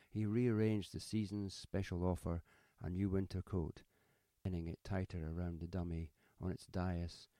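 A man narrating a story in a measured, even audiobook manner. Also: low-pitched, gravelly, no room sound.

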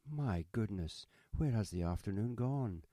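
A man's voice: lowish voice, animated, unhurried, warm tone, dry recording, clean studio sound, voice pushed up. A man reading a story, voicing an older male shopkeeper who talks in a genteel, fussy, ingratiating way. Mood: courteous.

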